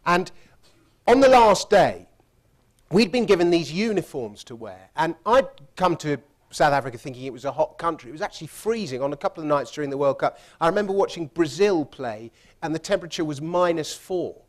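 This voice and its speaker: A man's voice: fairly high pitch, lively intonation, brisk. A man telling a funny travel story in a chatty way, laughing as he goes. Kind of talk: anecdotal storytelling talk.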